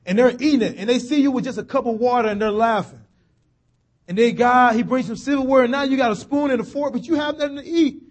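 A preacher with a notably high voice, talking to his congregation in a folksy, conversational way. He slows down and drops low on key phrases, then rises when he stresses a point. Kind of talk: sermon.

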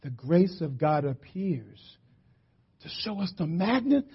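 A middle-aged man from West Philadelphia preaching a sermon, animated and storytelling, shouting for emphasis. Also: fairly high pitch, slow, slightly rough. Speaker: pastor. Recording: muffled lo-fi church audio.

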